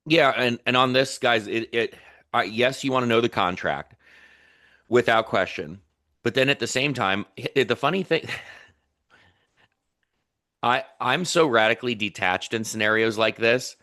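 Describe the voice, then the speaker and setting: A man co-hosting a real estate coaching session, animated and getting fired up as he acts out conversations with clients. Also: medium pitch, unhurried, long pauses. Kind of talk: coaching a live training session.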